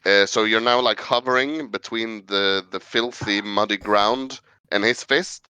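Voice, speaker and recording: A man's voice: on the low side, unhurried, sharp tone, clear, resonant tone, no echo. A man running a tabletop role-playing game as game master, narrating the scene in a chatty way with lots of fillers.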